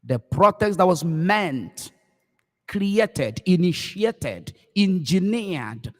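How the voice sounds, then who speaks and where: A man with a Nigerian accent preaching a live broadcast as a pastor, impassioned and repetitive, swinging between shouts and low murmurs. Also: expressive, drawn-out words, long reverb tail.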